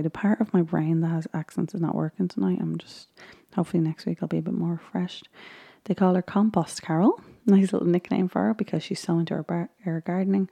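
Dark, gravelly-voiced woman chatting casually. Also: on the low side. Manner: chatty and rambling, with frequent ums and laughs. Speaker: vlogger recapping a baking show. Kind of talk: casual chat.

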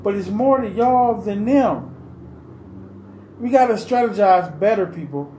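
A man with a notably high speaking voice delivers an impassioned, unscripted monologue, pleading with his listeners and hammering the same questions over and over. He rambles and restarts as he talks. The recording is roomy and echoey, with faint ambient noise underneath. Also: measured pace, dark tone. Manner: pleading, repeats questions insistently. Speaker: vlogger giving his opinion.

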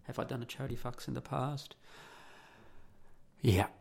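A man's voice: medium pitch, steady tone, normal speed, vocal fry, a little mellow. A middle-aged man hosting an opinionated monologue, blunt and profane, firing off rhetorical questions.

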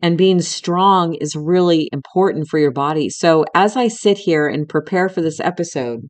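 A woman's voice: deep voice, normal speed. A middle-aged woman hosting a podcast, telling a personal story in a candid, emotional way, with some swearing and talking straight to the listener as a friend. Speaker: podcast host.

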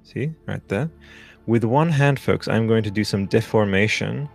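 Gravelly-voiced man, loose and profane. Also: lowish voice, a little slow, faint music behind. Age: 30s. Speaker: podcast host. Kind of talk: casual live-stream chat.

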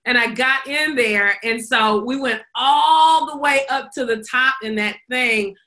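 A woman's voice: high-pitched, unhurried, sharp tone. A woman co-hosting a podcast, telling a story in casual chat, acting out quotes and laughing often. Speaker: podcast co-host.

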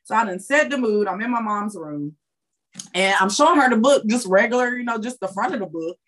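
A woman guest on a podcast, a tarot reader telling a story in a lively, chatty way with loose, slangy phrasing. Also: mid-range voice, a little fast. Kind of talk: casual storytelling.

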